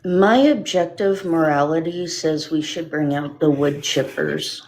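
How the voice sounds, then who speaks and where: A woman's voice: low-pitched, a little slow, noisy background. A woman from Canada calling in to a casual chat, joking with dry quips.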